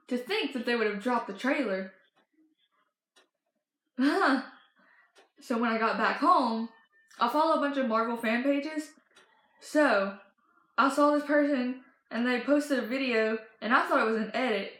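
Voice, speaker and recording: Teen girl fan vlogger, excited gushing chatter, slightly high voice, roomy echo. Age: teens. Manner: gushing, breathless storytelling with many fillers and restarts. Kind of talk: excited casual chat.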